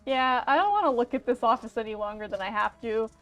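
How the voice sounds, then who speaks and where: A woman's voice: a little high, expressive, fast talker, soft background music. A woman streamer giving casual, offhand let's-play commentary.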